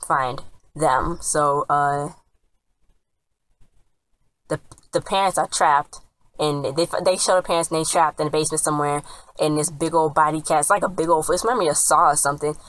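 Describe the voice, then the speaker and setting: A woman's voice: low-pitched, steady tone, normal speed, pauses often, fairly bright tone, rough recording. A woman casually retelling a TV episode as a reviewer, rambling and chatty, and often quoting the characters. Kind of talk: casual spoken recap.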